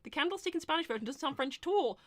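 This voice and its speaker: A woman hosting a casual live-stream Q&A, chatty and quick to laugh, turning loud and animated when indignant. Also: sits high, no echo. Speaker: host of a live voice-acting show.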